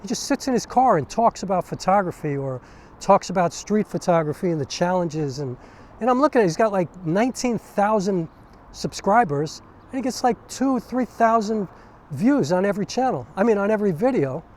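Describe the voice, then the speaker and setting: A man's voice: high voice, expressive, slight background noise. A man rambling casually in a vlog, filling his talk with "you know" and "like.". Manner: rambling, chatty, fills every pause with "you know". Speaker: YouTube vlogger. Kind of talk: casual talking-head vlog.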